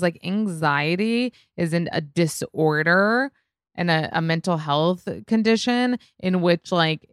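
A young woman with an Israeli accent talks on her solo podcast, rambling and swearing with "like" at every turn. Her voice sits low with a gravelly fry. It is smooth and close, with a dry sound. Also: fairly bright tone, no echo. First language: Hebrew. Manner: chatty, swearing, heavy use of "like". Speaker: podcast host.

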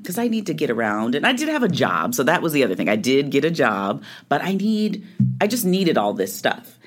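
A middle-aged woman, an interview guest, telling a personal story in conversation with lively, acted-out quotes. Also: a bass voice. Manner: animated storytelling, acting out quoted lines.

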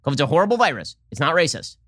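A man's voice: fairly high pitch, sing-song, a bit bright, no room sound, studio quality. A man hosting his own political commentary show, delivering a combative, sarcastic monologue. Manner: combative, sarcastic, rapid-fire. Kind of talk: opinion monologue.

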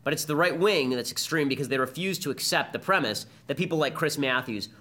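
A man's voice: fairly high pitch, sharp tone. A man hosting a podcast, delivering combative political commentary as a monologue. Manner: combative, fast-talking monologue. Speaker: podcast host.

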